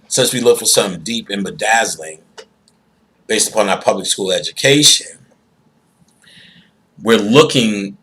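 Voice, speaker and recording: A man holds forth in a casual, profane monologue. His voice is husky and lowish, and he is emphatic and preachy, breaking into loud outbursts. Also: poor audio. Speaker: podcast host.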